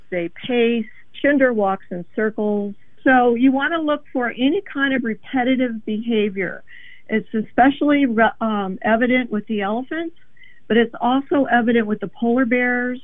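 A woman's voice: on the high side, no echo. Earnest woman on a tinny phone line. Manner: earnest, measured, explanatory. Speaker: animal advocate guest. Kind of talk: phone interview.

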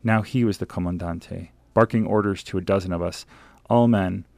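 A man reads an excerpt from his travel memoir as a radio guest. His voice sits very low with a gravelly edge, and he tells the story in an earnest, measured way. The sound is close and dry. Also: a little mellow, no room sound. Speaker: author guest. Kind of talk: reading his own travel memoir aloud.

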